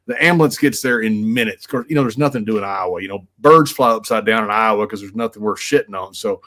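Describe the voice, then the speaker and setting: Bright-voiced man telling a rambling story. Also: fairly low pitch, fast talker. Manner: rambling, animated, crude jokes, frequent restarts. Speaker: podcast guest. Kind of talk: casual anecdotal storytelling.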